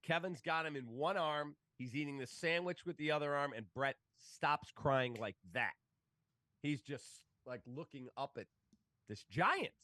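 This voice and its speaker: A man's voice: a little high, measured pace, no echo. A man, a sports broadcaster telling stories in casual talk and acting out the voices of the people in them. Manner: animated, acts out quoted voices. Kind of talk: casual storytelling.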